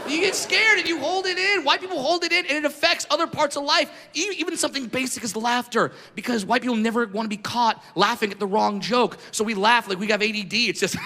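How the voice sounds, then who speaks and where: A man from Southern California doing a stand-up comedy set on stage, telling stories in a brash, profane, animated way. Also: very high voice, fast, hardly any pauses, big-room sound. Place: comedy stage before an audience. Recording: live set with clear background noise.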